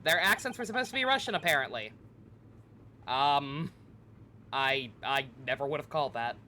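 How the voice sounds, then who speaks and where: Expressive man reacting to a game. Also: fairly high pitch, moderate pace, slight background noise. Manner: expressive, swearing, reacts loudly. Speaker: streamer playing a game. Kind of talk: let's play commentary.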